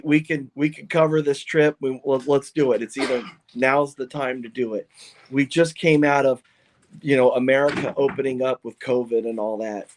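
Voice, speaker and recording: A man who owns and drives a funny car, telling stories in an excited, rambling way with lots of restarts on a podcast. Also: mid-range voice, a little hiss or hum. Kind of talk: podcast interview, casual storytelling.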